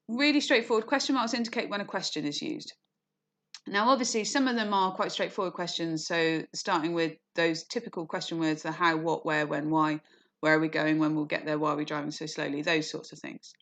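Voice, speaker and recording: An English teacher from England gives an online lesson, explaining clearly, often saying "okay" and "you know", and briefly acting out quoted lines. Her voice is fairly low and a bit bright, and she talks briskly.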